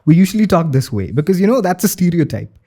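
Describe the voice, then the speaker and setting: A man's voice: high-pitched, big pitch swings, quick pace, mellow. A young man with an Indian accent chatting as a podcast guest, leaning heavily on "you know" and filler. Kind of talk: casual chat.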